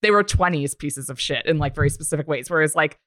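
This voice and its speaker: A woman's voice: low voice, quick pace, a bit bright, dry recording, studio quality. A woman co-hosting a casual chat, rambling frankly in sentences that trail off. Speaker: podcast co-host.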